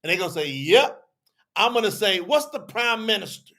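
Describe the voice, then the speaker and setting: A man's voice: high voice, animated, fast talker, pushed and bright. A man teaching a live audience on a religious telethon, chatty and repetitive, acting out both sides of an argument as he explains.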